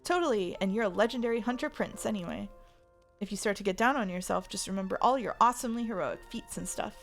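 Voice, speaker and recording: A woman's voice: medium pitch, quick pace, soft background music, lightly acted. A woman voicing a cheerful, teasing young heroine in a visual novel, talking in a bubbly way.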